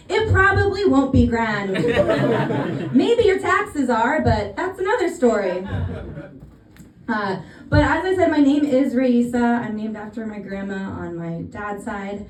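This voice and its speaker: A woman's voice: a little high, expressive, slow pace. A woman in her thirties from California with an American accent, doing a stand-up comedy set with dry, self-deprecating punchlines. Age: 30s. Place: comedy venue on stage. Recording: echoey room from far off.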